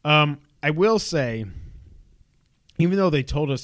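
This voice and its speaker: A man running through gaming headlines on a casual podcast, dropping quick wry asides between items. His voice sits in a middle register and is recorded close and dry, with no room sound. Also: medium pitch, fairly bright tone, no echo. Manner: rapid news rundown with wry asides. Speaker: podcast co-host reading gaming news. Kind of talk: casual chat.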